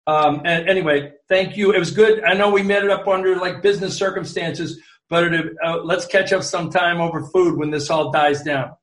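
A middle-aged man, a guest sports columnist, telling animated, rambling anecdotes in casual chat, full of restarts. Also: fairly high pitch, brisk, echoey room.

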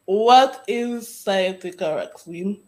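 A woman's voice: medium pitch, slow, darkish tone. A woman hosting a podcast, asking questions in a playful, laughing way. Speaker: podcast host. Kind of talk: casual interview chat.

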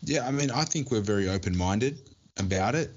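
A man's voice: mid-range voice, expressive, a little fast, dull audio, slight background noise. A man co-hosting a podcast in casual chat, joking and restarting his sentences often. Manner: joking, restarts often, laughs at own jokes. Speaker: podcast co-host.

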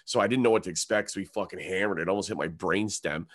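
A man's voice: low-pitched, quick pace. A young man, telling a long comic story on a podcast, swearing freely and acting out voices in a raised tone. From Canada. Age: young adult. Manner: animated, profane storytelling, acts out his own and others' lines in a raised voice. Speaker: comedian guest.

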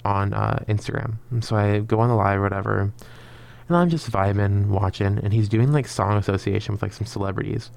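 A man's voice: lowish voice, vocal fry, a little mellow, clean tone. A young man telling a rambling storytime in a chatty, filler-heavy way, dramatically acting out his own past lines. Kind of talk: casual storytime vlog.

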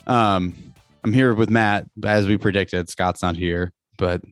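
A man's voice: lowish voice, unhurried, no echo, studio quality, faint music behind. Chatty man hosting a football podcast. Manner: chatty, laughs often, rambling with fillers. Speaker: podcast host. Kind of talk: casual podcast chat.

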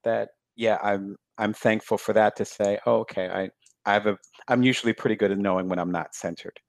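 A man talking about his own experience as an author in a casual conversation, reflective and halting, with frequent fillers. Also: lowish voice, fairly even intonation, vocal fry, no room sound. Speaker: author, guest.

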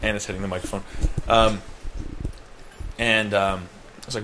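A man's voice: lowish voice, flat delivery, normal speed, long pauses, bright, forceful tone, a little hiss or hum. A young man co-hosting a podcast, telling a long rambling story in casual chat. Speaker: podcast co-host.

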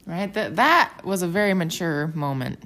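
A woman's voice: on the low side, normal speed. A young woman talking casually and animatedly about scripture, acting out quotes in little whispers. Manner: chatty, animated, acts out quotes with gasps and whispers.

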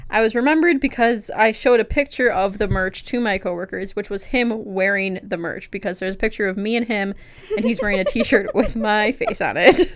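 A woman's voice: mid-range voice, brisk. A young adult woman co-hosting a podcast, telling rambling, self-deprecating stories in casual chat. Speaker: podcast co-host.

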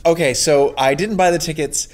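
A man hosting a casual chat, telling a story with animated energy and frequent laughter. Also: a little high, normal speed, a little hiss or hum. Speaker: podcast host.

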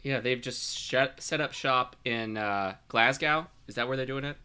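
A man's voice: medium pitch, normal speed, bright, forceful tone, clean tone. A man co-hosting a podcast in casual chat, easygoing and joking. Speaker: podcast co-host.

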